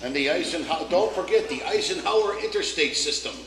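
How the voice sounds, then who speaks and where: A polite man speaks as a guest at an evening talk. His voice is a little high. The room gives his words a clear echo. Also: lively intonation, quick pace, a bit bright. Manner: polite, grateful.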